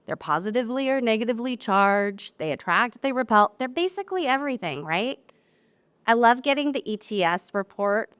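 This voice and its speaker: Chatty woman giving a seminar talk, smooth voice. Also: fairly high pitch, fairly quick, no room sound. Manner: chatty, candid, animated asides. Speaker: wine lab technical presenter.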